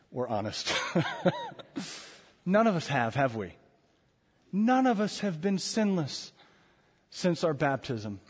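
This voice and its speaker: A man preaching a conversational sermon as pastor, with emphatic repeated words. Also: fairly high pitch. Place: church sanctuary. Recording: long hall reverb.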